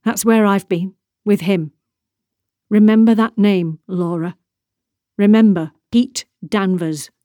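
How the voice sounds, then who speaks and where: A woman voicing a calm, softly spoken husband, gently reproachful. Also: medium pitch, slow pace, no echo, studio quality, natural voice. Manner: soft, gentle, mildly reproachful. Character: calm evasive man, returned husband. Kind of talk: audiobook character reading.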